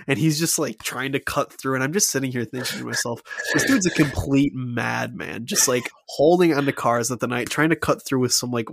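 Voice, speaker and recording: A man's voice: medium pitch, fairly quick, gravelly, a bit bright, no room sound. A man co-hosting a podcast, chatting casually and enthusiastically about a film, rambling with many fillers. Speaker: podcast co-host. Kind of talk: casual film review chat.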